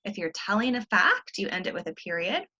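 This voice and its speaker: A woman's voice: medium pitch, sing-song, fairly quick, pushed and bright, muffled recording. Patient woman teaching a grammar lesson. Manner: patient, step-by-step explaining with frequent ums. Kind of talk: recorded online grammar lesson.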